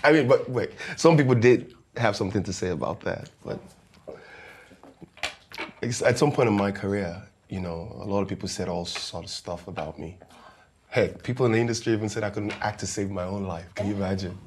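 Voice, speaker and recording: Man playing a calm, encouraging actor. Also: fairly low pitch, brisk, a little hiss or hum, natural voice. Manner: calm, reassuring, casual American-style slang. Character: famous male actor visiting, encouraging mentor. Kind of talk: comedy series acting.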